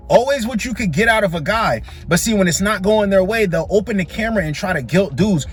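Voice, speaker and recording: A man with a high, husky voice hosts a reaction video. He comments on the clips in a blunt, mocking way, with a casual manner. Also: lively intonation, quick pace, hardly any pauses, faint music behind.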